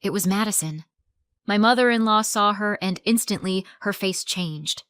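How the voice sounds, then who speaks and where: A woman narrating a story in a calm, measured storytelling voice. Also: medium pitch, smooth, dry recording.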